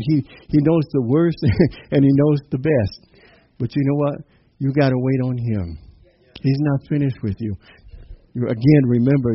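A man's voice: mid-range voice, lo-fi sound, a little hiss or hum. A man preaching a sermon, often chuckling and calling out amen. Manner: laughs often, calls out amen.

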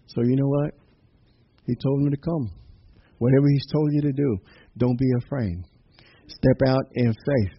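A man's voice: mid-range voice, slightly rough. Muffled preacher man, amen after every thought. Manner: punctuates phrases with "amen" and "hallelujah"; repeats and restarts words as he preaches. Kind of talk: sermon. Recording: dull muffled recording with faint noise.

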